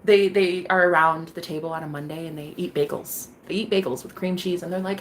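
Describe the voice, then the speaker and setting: A woman's voice: on the low side, brisk, hardly any pauses, a little hiss or hum. A young woman hosting a tarot live stream, chatting casually and bubbly with her viewers, swearing freely and laughing often. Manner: bubbly, profane, laughs often, talks to chat.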